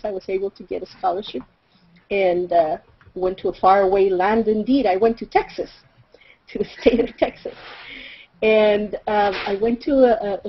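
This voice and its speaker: Husky-voiced middle-aged Mexican woman storyteller. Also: medium pitch. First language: Spanish. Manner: reflective, with frequent fillers and soft laughs. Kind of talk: personal storytelling. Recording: slightly dull recording.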